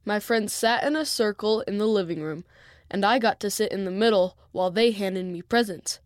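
A woman reads a children's story aloud in first person, clearly and evenly. Her voice sits in a middle pitch, recorded dry and close with no room sound. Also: moderate pace, no echo. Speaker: storybook reader.

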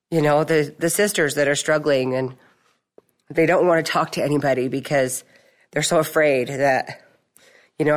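Chatty middle-aged woman telling a story. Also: sits low. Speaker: support group member. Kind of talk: testimony at a recovery meeting.

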